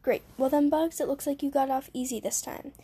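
A woman's voice: sits high, steady tone, a little fast, mellow, natural voice. A woman voicing a weary, irritable male school principal who talks in a curt, exasperated way.

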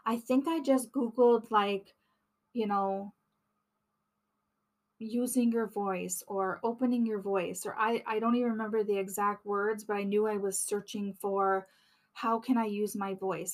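Slow, even-toned woman telling her story. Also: medium pitch. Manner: earnest, reflective, with frequent restarts and fillers. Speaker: podcast host and healer. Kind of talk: personal storytelling monologue.

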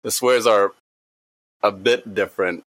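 A man's voice: on the low side, steady tone, measured pace, a bit bright. A man in casual podcast chat, joking crudely and laughing often with his friends. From Vietnam.

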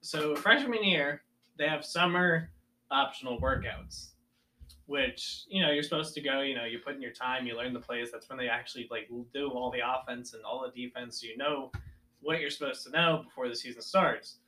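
A man's voice: medium pitch, moderate pace. A young man casually telling a story from his school sports days and acting out his coaches' lines. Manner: animated storyteller, acts out coaches yelling.

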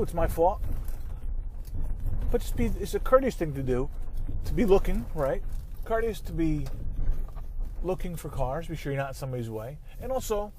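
A man's voice: on the high side, warm tone. A man ranting in a casual, profane, rambling way while driving in his car. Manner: heated, swearing, rambling. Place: inside a car.

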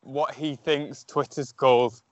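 A man's voice: medium pitch, fairly even intonation, a little slow, no echo, highs cut off. A man co-hosting a podcast in casual chat, playful and teasing, stammering now and then. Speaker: podcast co-host.

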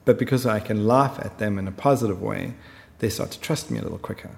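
A man's voice: on the low side, fast talker, vocal fry, darkish tone, big-room sound. A man talking as a film director in an interview, chatty and full of fillers. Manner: chatty storyteller, many fillers. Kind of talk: conversational interview.

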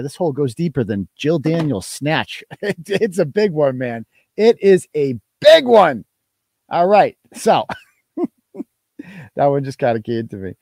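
Male live-stream host, casual and crude, animated pitch, dry sound. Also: no echo. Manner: loose, joking, crude asides. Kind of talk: casual live-stream chat reading donations.

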